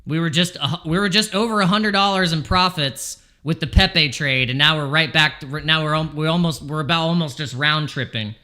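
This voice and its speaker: A man's voice: fairly high pitch, fairly quick, hardly any pauses, pushed and bright. A man streaming his crypto trades live from home, talking anxiously and pleading over and over with the market. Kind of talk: live trading stream commentary.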